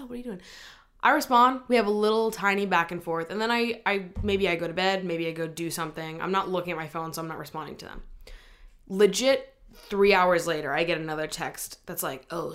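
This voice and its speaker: Young woman, podcast host, casual chat, blunt, swears a lot, slightly low voice. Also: fairly bright tone. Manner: blunt and profane, laughs often. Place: New York.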